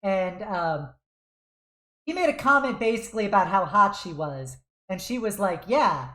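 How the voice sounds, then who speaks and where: A young woman streamer rambles cheerfully between games, laughing often. Her pitch leaps up and down as she talks, and the sound carries a roomy echo. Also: animated, normal speed, sharp tone. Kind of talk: casual chat while gaming.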